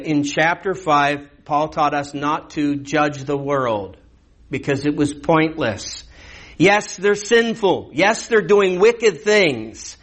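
A pastor preaches an expository sermon verse by verse, teaching in a conversational manner and posing rhetorical questions. His voice sits on the high side and sounds a bit bright.

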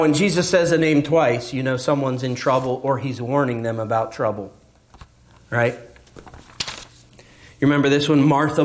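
A middle-aged man preaching a sermon in a lively, conversational way, swinging up and down in pitch for emphasis. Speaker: pastor.

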